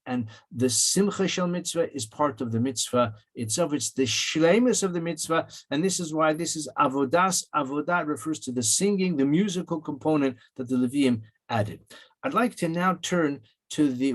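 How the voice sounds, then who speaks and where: A man delivers a weekly Torah lesson with a somewhat higher voice than most men. He speaks in a measured, explanatory way, circling back to rephrase his points with small fillers. He quotes Hebrew verses along the way. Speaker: rabbi teaching Torah portion.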